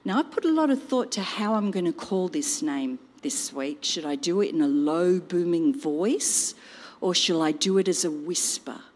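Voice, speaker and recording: A woman telling a Bible story in an expressive storytelling style, with personal asides. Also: on the low side. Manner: slow, animated storytelling with asides. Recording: long reverb.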